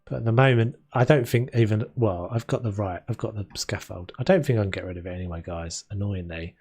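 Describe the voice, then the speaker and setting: A fast-talking young man with a husky, slightly mellow voice on the low side streams a renovation game. His casual gameplay commentary is rambling and chatty, aimed at his chat and punctuated by frequent laughter, with faint game music in the background.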